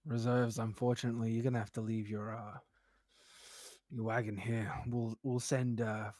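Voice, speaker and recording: A man playing in a tabletop game, talking casually and haltingly. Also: medium pitch, little pitch movement, a little mellow, no echo, studio quality. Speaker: player.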